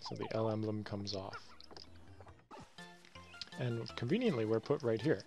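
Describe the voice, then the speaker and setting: A man's voice: lowish voice, a little slow, creaky, pauses often, faint music behind. Easygoing man commentating a game. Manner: relaxed, wry asides. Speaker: video game let's player.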